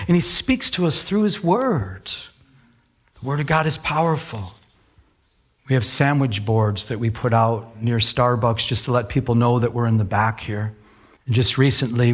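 A middle-aged man preaching from the pulpit in a lively storytelling way. He acts out the voices of the people in his stories and slows down to read scripture. His voice sits at a middle pitch. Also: slightly rough. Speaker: pastor. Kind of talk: sermon with storytelling.

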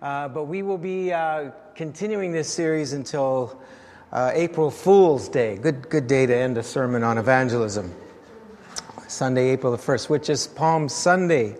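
In a large hall with long reverb, a pastor delivers a sermon through stories, his speech full of fillers and restarts. He speaks a little slowly, in a mid-range voice with a darkish tone.

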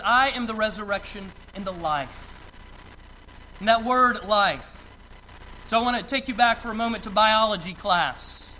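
A man preaching a sermon as pastor, reading scripture and then explaining it slowly and deliberately, with emphatic pauses. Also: sits high, pushed and bright, slight background noise, low-quality recording.

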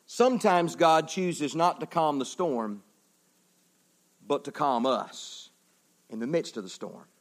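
A male pastor preaching a sermon, animated, swinging from loud to hushed and acting out little voices. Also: a little high, slow, pauses often.

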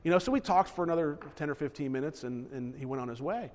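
A man's voice: fairly high pitch, expressive, fast talker, darkish tone. A man preaching a sermon as pastor, earnest, often repeating words as he builds a point. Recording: echoey hall reverb.

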